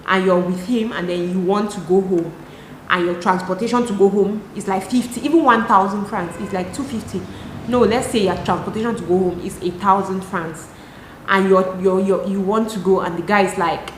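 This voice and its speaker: A young Cameroonian woman with a Cameroonian accent, chatting to camera in an animated, exasperated way. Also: mid-range voice, a little fast, a little hiss or hum. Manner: animated, talks with her hands, rhetorical and exasperated. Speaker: lifestyle vlogger. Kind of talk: casual chat to camera. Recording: echoey room.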